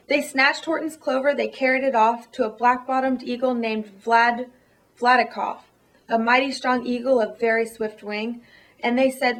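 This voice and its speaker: A woman's voice: sits high, steady tone, moderate pace, low-quality recording. Woman reading a rhyming storybook. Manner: rhythmic, lilting delivery.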